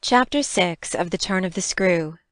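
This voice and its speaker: A woman narrating a classic novel as an audiobook in a measured, literary reading. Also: fairly low pitch, lively intonation, no echo, clean studio sound.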